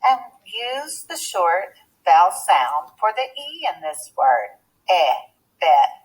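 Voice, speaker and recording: A woman teaching a phonics lesson to young children, speaking slowly and clearly with a deliberate teacher's manner. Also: mid-range voice, big pitch swings, poor audio.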